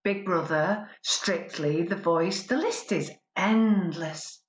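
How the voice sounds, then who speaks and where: A woman's voice: fairly low pitch, takes it slowly, roomy sound. A woman performing a spoken word poem as a pampered newlywed woman who imagines being poor, sardonic and mock-cheerful.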